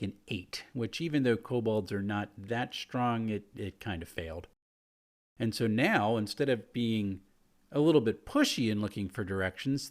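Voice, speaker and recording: A man who is a game master, telling a story from his tabletop game in a relaxed, chatty way with fillers. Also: fairly low pitch. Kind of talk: casual storytelling.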